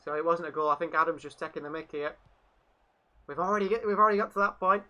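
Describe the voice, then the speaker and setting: A man's voice: on the high side, quick pace, sharp tone. A man hosting a live fan commentary stream, calling the match and reading out viewer chat. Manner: chatty, reads out viewer chat between play calls. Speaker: fan channel host.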